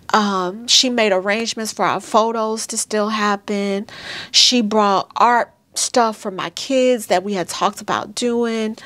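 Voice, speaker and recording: A woman in her thirties tells her own painful story to her viewers, halting and emotional, calling them y'all. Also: mid-range voice, a bit bright, no room sound. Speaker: vlogger sharing a birth story. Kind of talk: personal storytelling to camera.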